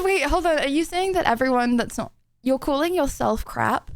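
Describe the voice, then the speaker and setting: A woman's voice: high-pitched, animated, normal speed, no echo. A young woman streaming, chatting casually with lots of giggles and rambling fillers. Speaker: livestreamer.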